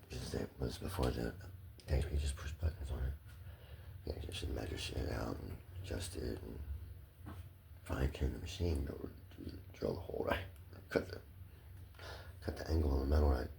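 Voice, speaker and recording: A man with an extremely low, gravelly voice talks through a rambling personal monologue. He repeats himself and swears freely. He drops into hushed murmurs and then rises into loud, heated outbursts. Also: normal speed, long pauses, heavy background noise. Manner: profane, repetitive and impassioned.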